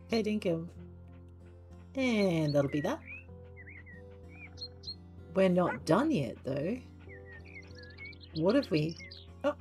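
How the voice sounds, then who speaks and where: A woman commentating her game play from home in a casual, chatty way, stopping now and then to talk fondly to her dog. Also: fairly low pitch. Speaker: gaming channel host. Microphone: desk microphone.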